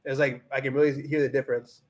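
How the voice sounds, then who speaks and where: A man's voice: mid-range voice, little pitch movement, fast talker, darkish tone. A man hosting a casual livestream, chatting loosely with many restarts, switching between English and Spanish as he reads the chat and laughs often. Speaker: livestream host.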